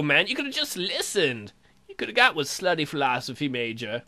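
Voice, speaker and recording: A man giving casual let's-play commentary, with swearing banter and sudden loud exclamations. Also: fairly high pitch, big pitch swings, normal speed.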